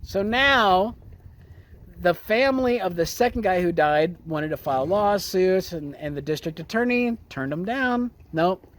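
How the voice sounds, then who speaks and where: Profane, ranting man with a high voice. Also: animated, measured pace. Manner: profane, sarcastic and indignant; jumpy delivery with sudden loud outbursts. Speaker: political commentary host. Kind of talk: ranting commentary monologue.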